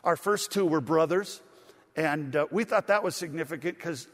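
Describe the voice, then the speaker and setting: A man's voice: fairly high pitch, normal speed, a bit bright. A middle-aged male pastor with a slightly raised voice delivers a sermon, chatting through personal stories with plenty of "uh"s and false starts. His words ring out with the long reverb of a large church hall. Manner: conversational storytelling with frequent fillers and restarts.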